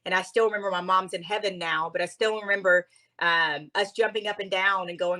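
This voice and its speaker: A woman from Louisiana, a guest author and speaker, telling her story in an expressive, earnest conversational way. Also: mid-range voice, fairly quick, rough recording.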